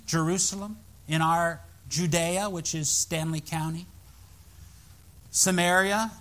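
A male pastor preaching a sermon in a church, telling a story with animated, emphatic rises in his voice. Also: fairly high pitch, slow pace.

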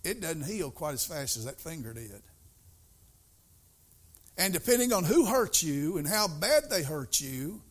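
A middle-aged man delivers a sermon in a folksy, storytelling way. His voice sits fairly high for a man. He drops to quiet asides and then rises to loud, emphatic bursts. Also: big pitch swings, a little slow, long pauses. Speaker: preacher.

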